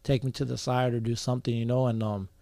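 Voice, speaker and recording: A man with a gravelly, mid-pitched voice tells a long story in casual podcast talk. He rambles, leans on fillers and swears freely. The sound is dry and close. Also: level tone, fast, mellow, no room sound. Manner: rambling, many fillers and profanity. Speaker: podcast guest.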